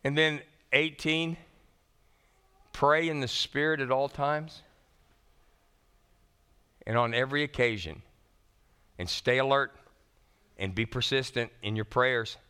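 Animated preacher, bright forceful voice. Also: male voice, medium pitch, measured pace, long pauses, clean tone. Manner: animated, casual, folksy preaching. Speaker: pastor. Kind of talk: sermon.

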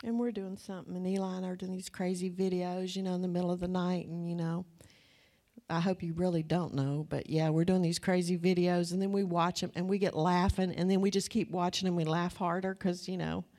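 A woman in her sixties delivering a relaxed, conversational sermon. She talks in a chatty way and keeps turning to her listeners with questions. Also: lowish voice, a little fast. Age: 60s. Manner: chatty, asks the audience questions. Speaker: preacher.

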